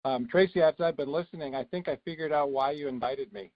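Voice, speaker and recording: A man's voice: on the high side, fast talker. Chatty man on a dull phone line. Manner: relaxed, chatty, with many fillers. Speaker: guest speaker, eye doctor. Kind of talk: phone call presentation.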